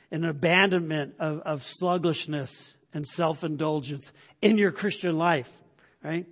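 A male pastor preaching a sermon in a conversational way. He often checks in with the congregation by asking "right?", stumbles over repeated words, and builds to loud emphatic points. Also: a little high. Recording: long hall reverb.

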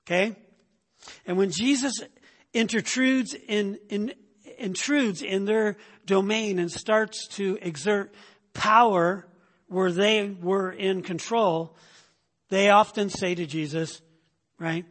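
A man's voice: high voice, fairly even intonation, slow, a bit bright, in a large hall. A man preaching a sermon in a teaching tone, often checking in with his listeners with "okay?" and "right?".

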